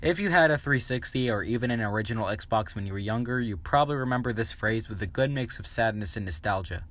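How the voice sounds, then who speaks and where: A man's voice: mid-range voice, animated, quick pace, fairly bright tone. A young man giving a sarcastic, swearing comedic review of internet memes. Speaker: meme commentary YouTuber.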